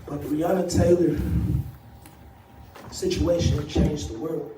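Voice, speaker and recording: A man giving an emotional public testimony, soft-spoken and halting, with many pauses and ums. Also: fairly high pitch, level tone. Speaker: activist and co-founder of a group. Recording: distant, roomy livestream audio with faint noise.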